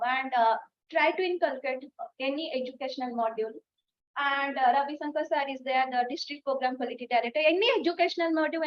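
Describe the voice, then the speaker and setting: A woman giving an emotional closing thank-you speech as area leader of a club meeting, talking effusively with many fillers. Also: high voice. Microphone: video call. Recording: dull lo-fi video call recording.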